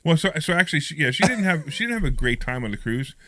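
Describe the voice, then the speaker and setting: A man hosting a live radio talk show, chatty and energetic, talking from a studio. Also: fairly high pitch, fast talker, no room sound. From United States.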